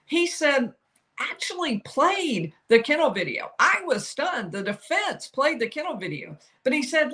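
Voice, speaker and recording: A woman, older, giving solo legal commentary, explaining each side's arguments and quoting lawyers with animated emphasis. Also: high voice, unhurried.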